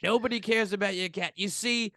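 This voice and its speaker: A man's voice: high voice, fairly even intonation, a little fast, sharp tone. A man playing a boastful older male president as a podcast host, rambling and repeating himself with bragging asides in a comedic improvised interview.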